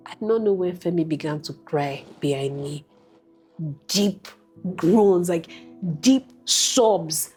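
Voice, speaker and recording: A woman guest giving an emotional personal testimony, candid and soft-spoken, driving points home with repetition. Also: fairly low pitch, measured pace, soft background music. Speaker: guest sharing a personal story.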